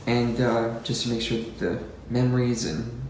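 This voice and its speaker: A man's voice: mid-range voice, moderate pace, darkish tone. A man interviewing casually as a filmmaker, easygoing and encouraging. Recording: roomy, distant, noisy room sound.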